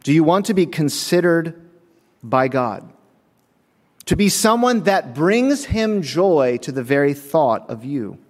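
A man preaching a sermon, telling lively stories with acted-out voices and frequent chuckles, in a church. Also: on the high side, takes it slowly. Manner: animated storytelling, acts out voices, chuckles often. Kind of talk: sermon with humorous anecdotes. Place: church sanctuary. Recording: long reverb of a church sanctuary.

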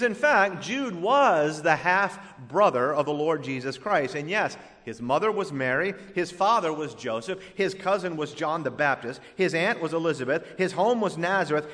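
A male pastor preaching a sermon, punching some words and letting others drop to a hush. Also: a little high, long reverb tail. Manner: emphatic preaching that swings between loud punches and hushed, drawn-out words.

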